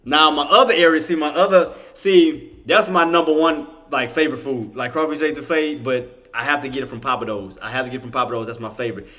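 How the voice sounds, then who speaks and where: Excitable Cajun man livestreaming. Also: mid-range voice, fast talker, few pauses. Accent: Cajun Louisiana. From Louisiana. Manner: excitable, chatty, lots of Southern slang and restarts. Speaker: livestream trading commentator. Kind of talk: casual livestream commentary.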